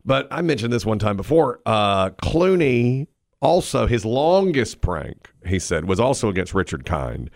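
A man's voice: lowish voice, sing-song, a little slow, vocal fry, no echo, studio quality. A man hosting a talk show, chatting casually and laughing while retelling a story. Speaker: radio show host. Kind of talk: casual chat.

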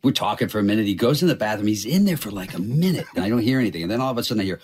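A man telling a comic story, animated and laughing as he talks. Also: mid-range voice, fast, few pauses, a little hiss or hum. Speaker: actor telling a story in an archive clip. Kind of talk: comic anecdote.

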